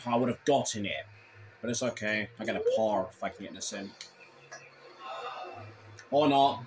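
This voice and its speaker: A man commenting live on his own gameplay, irritable and grumbling, with sudden shouted complaints. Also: fairly low pitch, moderate pace. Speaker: gaming channel host.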